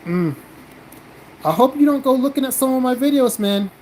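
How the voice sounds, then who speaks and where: A man's voice: very high voice, animated, normal speed, a little mellow, rough recording. A blunt male streamer from the American South swears freely as he answers his chat. His talk is casual and defensive, with a faint hum of background noise behind it. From South Carolina, American South. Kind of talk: casual live-stream chat reading comments.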